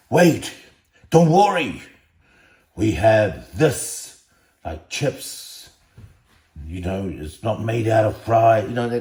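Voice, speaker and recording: This bodybuilding vlogger has a lowish, darkish-toned voice. He's in his home kitchen cooking and casually talking to his phone camera, joking, rambling and chatting with his dog, while a noisy fan and room echo color the recording.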